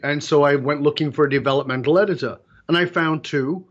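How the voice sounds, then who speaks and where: A man's voice: on the high side, fast, lo-fi sound. A middle-aged man, a guest on an interview show, telling stories emphatically and acting out the dialogue of others. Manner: emphatic, storytelling, acts out quoted dialogue. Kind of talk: animated interview talk.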